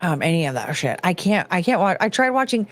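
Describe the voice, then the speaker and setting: Ranting bluntly and casually as a podcast host, this woman swears and often starts her sentences over. Her voice sits on the low side and is very animated and fast, with no echo.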